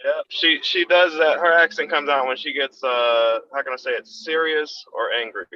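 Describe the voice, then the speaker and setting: A man's voice: fairly high pitch, normal speed. A man chatting on a video call, easygoing and chatty. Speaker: guest on a call. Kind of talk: casual chat on a video call. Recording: dull, lo-fi call audio.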